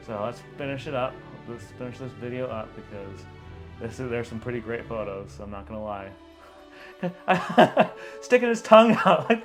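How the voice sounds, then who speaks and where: A young man, a photographer, giving casual reaction commentary, rambling with lots of fillers and frequent laughter. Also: mid-range voice.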